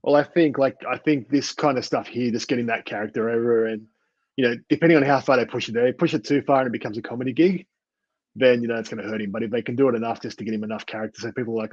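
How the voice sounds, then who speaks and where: A man's voice: medium pitch, fairly even intonation, racing, darkish tone, husky, no echo, dull audio. A man co-hosting a wrestling review podcast in casual chat, rambling with many fillers and restarts. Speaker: podcast co-host.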